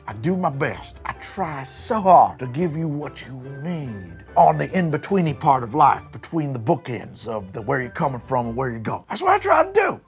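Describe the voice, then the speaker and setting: A man's voice: high-pitched, gravelly, breathy edge. A man hosting a comedic cider tasting review, sarcastic and scolding the drinks directly as if they could hear him. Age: adult, says he is not that old. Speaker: drinks show host.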